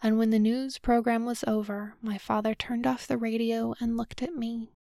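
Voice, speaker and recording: A woman narrating a novel in the first person, with a measured, subdued, solemn reading. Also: fairly high pitch, little pitch movement, gravelly, warm tone, dry recording, studio quality. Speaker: audiobook narrator.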